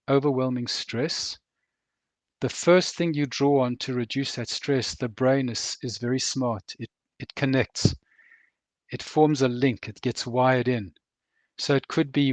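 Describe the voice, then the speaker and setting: An older man talks about hard things in an earnest, measured voice, pitched at an ordinary middle. He slows down and weighs each heavy word. The sound is close and dry, with no room echo. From Rhodesia. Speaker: veteran author and counsellor. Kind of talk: reflective interview talk.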